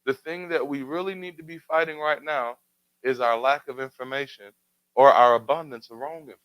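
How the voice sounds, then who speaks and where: On a muffled, dry recording, a radio show host with a medium-pitched, smooth voice speaks briskly. His community talk radio commentary sounds preacherly, full of rhetorical questions and emphatic refrains that build.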